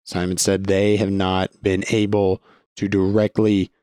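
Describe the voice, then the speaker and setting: A man's voice: deep voice, monotone, unhurried, warm tone, clear, resonant tone, no room sound, clean studio sound. A young man hosting a sports podcast, giving blunt opinionated commentary and stumbling over restarts when he gets heated.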